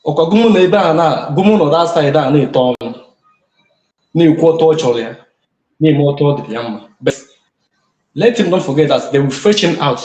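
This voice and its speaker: A man with a Nigerian accent calling in to a livestream, talking in a hesitant, halting way. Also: fairly high pitch, expressive, a little mellow, roomy sound. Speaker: caller. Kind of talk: casual call-in talk.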